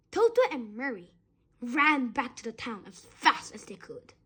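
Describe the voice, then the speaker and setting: A woman's voice: on the high side, very animated, a little slow, bright, forceful tone, breathy edge. A woman reading a children's story aloud expressively, with small slips.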